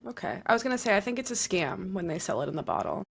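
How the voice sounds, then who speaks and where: A woman's voice: medium pitch, big pitch swings, fast talker, vocal fry, husky. A woman co-hosting a casual podcast, chatting easily and tossing in dry, joking quips. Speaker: podcast co-host. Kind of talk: casual chat.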